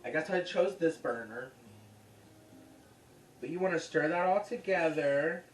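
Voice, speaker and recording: A cooking show host chatting casually and profanely in a home kitchen, projecting loudly toward a camera's built-in microphone. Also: mid-range voice, animated, unhurried, slight background noise. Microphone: camera's built-in mic. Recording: echoey room, distant camera mic, music.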